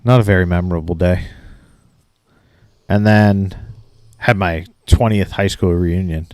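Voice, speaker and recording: A man's voice: low voice, fairly even intonation, measured pace, a little mellow, dry recording. A man in his late thirties from Maine, co-hosting a podcast, telling a profane story and acting out both sides of it. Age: late 30s. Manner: ranting, swears constantly, acts out both sides of a story. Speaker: podcast co-host.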